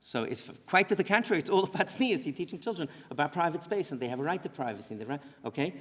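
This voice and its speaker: A rabbi giving an earnest lecture to parents in a synagogue, often restarting and correcting himself mid-sentence. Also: male voice, a little high, expressive, very fast. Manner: earnest, talks in restarts and asides. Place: synagogue hall. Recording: long hall reverb.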